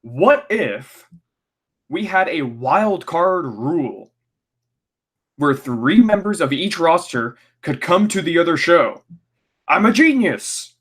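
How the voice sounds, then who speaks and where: A man doing an impression of a blustering, bossy older wrestling boss, pitched higher and louder than his own talk. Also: sing-song, slow pace, slightly rough, exaggerated voice. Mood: smug. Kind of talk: impression within podcast recap.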